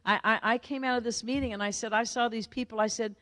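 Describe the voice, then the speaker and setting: A woman's voice: fairly high pitch, fairly quick, hardly any pauses, no echo, big-room sound. A woman giving a motivational speech to an audience, telling her story energetically and tagging lines with "right?". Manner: energetic, animated storytelling with frequent "right?" tags. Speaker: motivational speaker.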